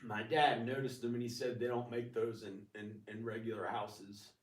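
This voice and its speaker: A man's voice: fairly low pitch, level tone, moderate pace. A man rambling casually in a vlog, laughing often and poking fun at himself, in a house with big ceiling beams. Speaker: vlogger. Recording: echoey room, distant mic.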